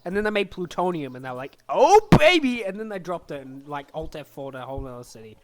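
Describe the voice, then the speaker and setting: Talking fast in a slightly high voice over heavy noise, a young man delivers a goofy, scatterbrained comedic history monologue into a desk microphone, acting out silly voices.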